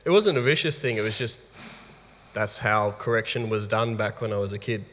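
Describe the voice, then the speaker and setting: This is an Australian man in his thirties sharing a candid story about being a father. He tells it with lively energy and frequent laughter. His voice sits a touch low, and a long room reverb trails behind it. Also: normal speed, a little hiss or hum. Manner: lively, animated storyteller who laughs often. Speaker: guest father.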